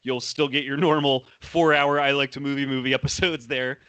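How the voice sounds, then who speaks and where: A man co-hosting a podcast from home in casual chat, quick, enthusiastic and self-deprecating. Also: medium pitch, steady tone, fairly bright tone, no echo. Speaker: podcast co-host.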